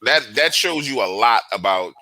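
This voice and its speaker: A man in casual conversation, telling stories in a slangy, profane, animated way. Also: mid-range voice, normal speed, no echo. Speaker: guest investigator.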